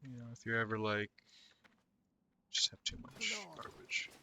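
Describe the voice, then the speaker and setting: A man's voice: mid-range voice, animated, normal speed, sharp tone, slight background noise. A young man streaming a game, chatting casually with slang and frequent laughs. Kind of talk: casual gameplay chat.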